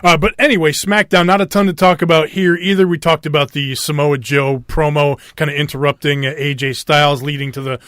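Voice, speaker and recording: A man's voice: fairly high pitch, fairly even intonation, a little fast, hardly any pauses, a bit bright, no room sound, clean studio sound. A man co-hosting a wrestling podcast in casual chat, laughing often and rambling. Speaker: podcast co-host.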